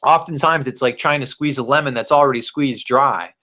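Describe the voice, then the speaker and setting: Energetic man coaching sales. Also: medium pitch, a little fast. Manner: energetic, casual, repeats and restarts phrases, acts out prospects' replies. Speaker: network marketing coach. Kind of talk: recorded training presentation.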